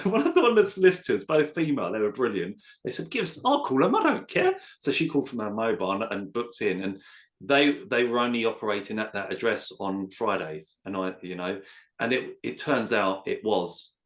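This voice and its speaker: Animated man telling a story. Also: mid-range voice. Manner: animated storyteller, acts out quotes. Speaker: letting agent guest. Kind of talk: casual anecdote telling.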